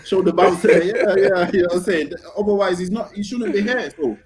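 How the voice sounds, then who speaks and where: A man's voice: high-pitched, fairly even intonation, a little fast, crowd noise. A man co-hosting a football podcast, arguing his point in slangy talk and often asking if you get what he's saying. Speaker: podcast co-host. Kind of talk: casual football podcast chat.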